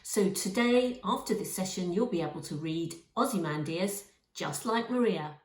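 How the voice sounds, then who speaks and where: A woman teaching a lesson on a poem, speaking in a measured way and stressing key words. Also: on the low side, animated, darkish tone. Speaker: English literature teacher. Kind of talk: poetry lesson. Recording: roomy, from a distance.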